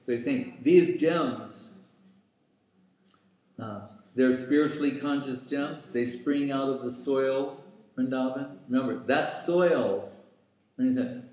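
A man giving a scriptural lecture as a spiritual teacher, speaking deliberately with many pauses and fillers. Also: mid-range voice, a little mellow. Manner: slow and deliberate, pausing with fillers. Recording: very echoey room.

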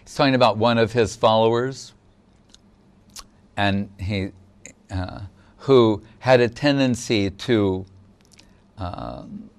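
A man giving a devotional discourse as a spiritual lecturer, explaining gently and pausing often with fillers. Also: on the low side, clean tone.

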